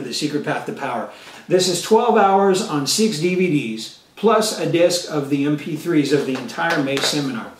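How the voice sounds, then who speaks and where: A man's voice: on the high side, recorded from a distance, a little hiss or hum. Punchy man teaching in an echoey room. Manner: punchy, emphatic, repeats key phrases. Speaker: self-defense and mindset instructor. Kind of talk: motivational teaching monologue.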